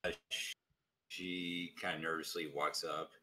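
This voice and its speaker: A man's voice: very deep voice, flat delivery, a little slow, sharp tone, slight background noise. A man narrating his character's actions in a tabletop game, hesitant. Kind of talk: tabletop role-play.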